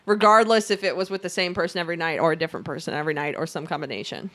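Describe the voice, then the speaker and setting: A woman's voice: low voice, fast talker, fairly bright tone. A woman co-hosting a podcast, talking in blunt, profane casual chat and laughing often as she makes her point. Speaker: podcast co-host.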